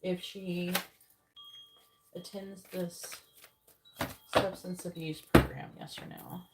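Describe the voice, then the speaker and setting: A woman's voice: fairly low pitch, little pitch movement, slow pace, heavy background noise. A woman doing a live-stream tarot reading, talking bluntly and swearing often as she explains how to word questions. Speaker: psychic tarot reader.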